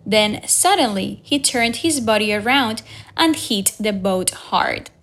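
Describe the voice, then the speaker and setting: A woman reading a simplified adventure story aloud as the narrator, slowly and evenly, lifting her voice for the quoted lines. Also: medium pitch. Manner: slow, even storytelling read with raised voices for quoted lines. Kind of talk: scripted audiobook narration.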